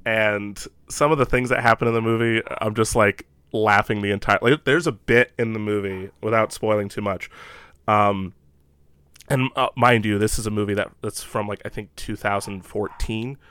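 A man's voice: fairly low pitch, fairly even intonation, moderate pace, fairly bright tone, clean tone, dry recording. A man co-hosting a casual podcast from home, rambling with enthusiasm and lots of fillers. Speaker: podcast co-host. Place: home room.

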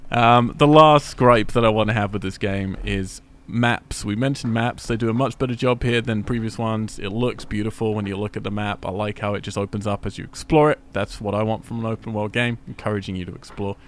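A man chatting casually about a video game, retelling moments with swearing and animated asides. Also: fairly low pitch, brisk, hardly any pauses, a little hiss or hum.

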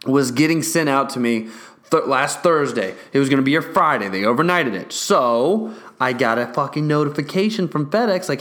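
A young man ranting casually about games and a delivery mix-up, swearing constantly and getting worked up as he rambles. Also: medium pitch. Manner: profane, excitable, restless storytelling.

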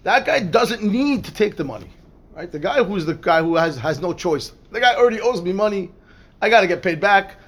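Rabbi guy teaching talmud, high voice, reads hebrew then explains, lots of "right?". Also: lively intonation, a little fast, a bit bright. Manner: repeats words and restarts, asks "right?" often. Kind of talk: lively Torah class, reading Hebrew text and explaining.

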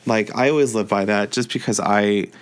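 A man's voice: fairly low pitch, steady tone, moderate pace, background noise. Chatty man rambling about a book. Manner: chatty, rambling, frequent fillers and laughs. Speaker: book reviewer. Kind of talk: casual book chat.

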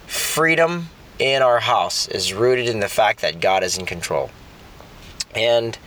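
A man's voice: medium pitch, a bit bright, slight background noise. A middle-aged man preaching a sermon in a conversational way, often repeating words while he thinks. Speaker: pastor.

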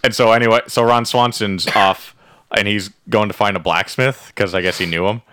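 Casting note: young man, lowish voice with a bright, forceful edge, dry close sound, loose profane storyteller. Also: steady tone, clear, resonant tone, no echo. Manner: profane, rambling, acts out characters in quick voices. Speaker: podcast co-host recapping a show. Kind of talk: casual chat.

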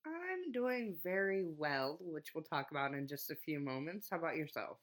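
On a comedy podcast, this co-host chats casually, laughing a lot and hesitating with frequent ums. His voice is on the high side and a bit bright, with lively intonation at a moderate pace.

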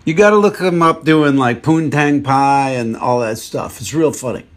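A man's voice: medium pitch, moderate pace. A man hosting a podcast, rambling through jokey rants in a casual comedic monologue. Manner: rambling, jokey ranting asides. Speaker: podcast host.

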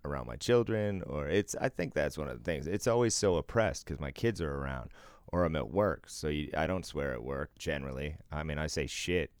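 A man's voice: extremely low pitch, expressive, brisk, hardly any pauses, no room sound. A middle-aged man co-hosting a casual podcast chat, laid-back, swearing freely and laughing often. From eastern US. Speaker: podcast co-host.

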